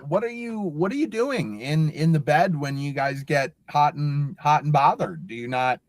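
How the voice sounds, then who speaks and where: A man co-hosting a podcast, chatting casually and explaining absurd things in a mock-serious, deadpan way. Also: fairly high pitch, moderate pace, no room sound. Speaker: podcast co-host. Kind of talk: joking casual chat.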